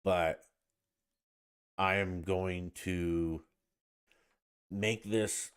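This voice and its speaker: A man's voice: deep voice, fairly even intonation, extremely slow, clear, resonant tone. A man hosting his own podcast alone, talking in a blunt, irritated and profane way. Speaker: podcast host. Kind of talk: casual solo podcast rant.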